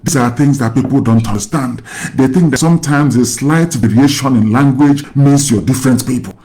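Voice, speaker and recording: A man's voice: medium pitch, normal speed, mellow, rough recording. Lecturing Nigerian man, rhetorical questions. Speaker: radio host. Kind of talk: casual call-in chat.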